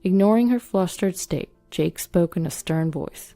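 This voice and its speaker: A woman reading a first-person story as scripted narration, in an even, plain manner. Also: lowish voice, unhurried, few pauses, no echo. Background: soft background music.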